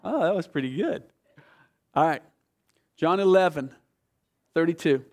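Male preacher, high voice, fervent and conversational, drops to a hush then builds up loud. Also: lively intonation, measured pace. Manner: passionate, swings between hushed and loud; conversational, asks the audience questions. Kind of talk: sermon.

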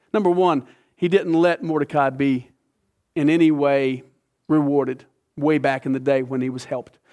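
Animated storytelling preacher man. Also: a little high. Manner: animated storytelling, acting out voices. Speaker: pastor. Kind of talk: sermon.

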